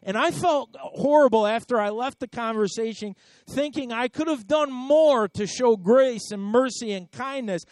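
A man's voice: extremely high pitch, moderate pace, a little mellow, no echo. A man preaching a sermon in a conversational storytelling way, often repeating words and swelling into emphatic bursts. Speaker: pastor.

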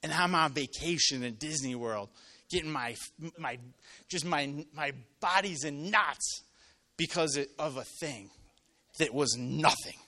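A man preaching a sermon to a live congregation, telling stories and acting out voices, swinging from loud to quiet. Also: on the high side, a little slow. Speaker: pastor. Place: church with live audience.

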